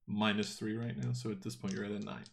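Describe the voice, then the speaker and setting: A man's voice: fairly low pitch, steady tone, fast talker, gravelly. A man narrating a tabletop game as game master, casual and full of fillers.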